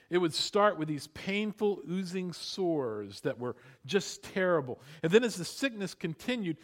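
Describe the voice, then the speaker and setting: A man preaching a sermon, animated, building up loud then dropping to hushed emphasis, and having the congregation repeat words after him. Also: high-pitched. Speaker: pastor.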